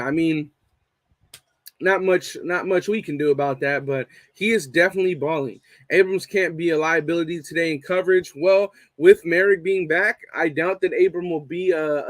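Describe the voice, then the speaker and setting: Reading live chat on a casual fan show, a young host curses frequently and hammers his points home by repeating them. He has a fairly high-pitched voice, and the recording is dry.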